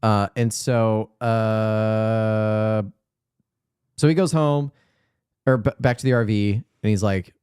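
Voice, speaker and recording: A man's voice: lowish voice, clean tone, no echo, clean studio sound. A man co-hosting a movie podcast, animatedly retelling scenes in casual chat. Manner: animated retelling, slips into quick voices. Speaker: podcast co-host reviewing a movie.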